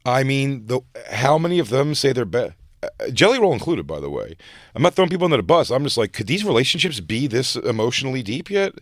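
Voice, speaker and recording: A man hosting a podcast in casual comedic chat, rambling and animated, with plenty of fillers. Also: mid-range voice, fast, dry recording, studio quality. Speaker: podcast host.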